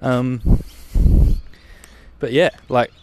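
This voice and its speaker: A man's voice: mid-range voice, extremely slow. Young male podcast host, loose and chatty, mid-range voice, light traffic hum outdoors. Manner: rambling, relaxed, swears casually. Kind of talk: casual solo podcast chat.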